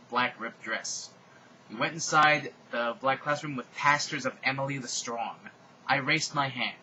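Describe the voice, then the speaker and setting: A man giving a mocking dramatic reading in a deadpan tone with sarcastic asides. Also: medium pitch, lo-fi sound, slight background noise. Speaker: reader.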